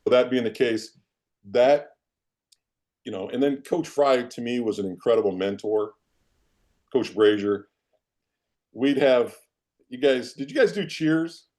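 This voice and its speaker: A man in his fifties from Iowa, a former football player and coach, telling animated, self-deprecating stories as a guest in a podcast interview. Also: medium pitch, measured pace, pauses often. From Iowa, United States. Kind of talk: casual storytelling in a podcast interview.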